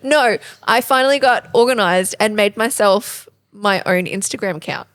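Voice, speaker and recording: A woman's voice: mid-range voice, normal speed, a bit bright, no echo. A woman, co-hosting a parenting podcast in casual chat and laughing often. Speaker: podcast co-host.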